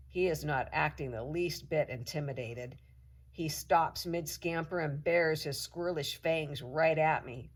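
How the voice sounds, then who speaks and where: A woman teacher reading a children's chapter book aloud to her class with expressive storytelling. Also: low voice, unhurried, slightly rough.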